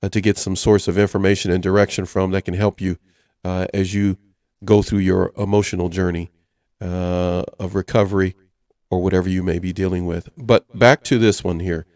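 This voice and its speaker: A man's voice: low voice, flat delivery, moderate pace, a little mellow, no room sound, clean studio sound. A man hosting a casual radio talk show, reading items aloud in a chatty way. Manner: chatty, reads list items aloud, chuckles often. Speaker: host.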